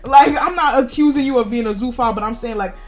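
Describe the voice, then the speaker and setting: A woman's voice: a little high, quick pace, faint music behind. A woman hosting a podcast, giving blunt, profane opinions in casual chat and often breaking into laughter. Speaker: podcast host.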